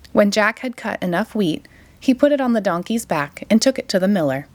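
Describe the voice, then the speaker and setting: Expressive woman reading a picture book aloud. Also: mid-range voice, brisk, no room sound. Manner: expressive, sing-song. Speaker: storytime reader.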